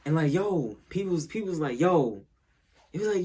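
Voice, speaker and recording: A man's voice: fairly high pitch, expressive, moderate pace, darkish tone, slightly rough. A young man telling a casual storytime, rambling and repeating himself as he acts out what people said.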